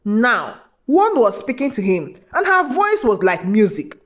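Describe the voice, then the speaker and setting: Woman storyteller, scripted narration, fairly high voice with big swings in pitch. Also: sing-song, unhurried.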